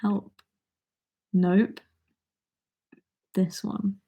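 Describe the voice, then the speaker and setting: A woman's voice: medium pitch, level tone, very slow, warm tone. A nineteen-year-old woman with an English accent, chatting casually on a livestream and reading viewer comments aloud between songs.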